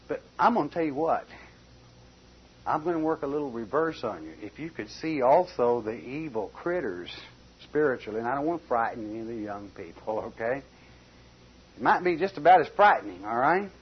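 Male preacher, folksy sermon, husky, lively pitch, dull lo-fi recording. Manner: animated, swings between loud emphasis and quiet asides.

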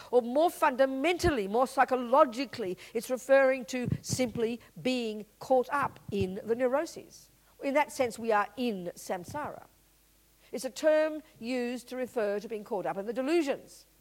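A woman's voice: fairly high pitch, low-quality recording. A woman giving a Buddhist teaching talk, blunt and emphatic, full of rhetorical questions. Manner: blunt and lively explaining.

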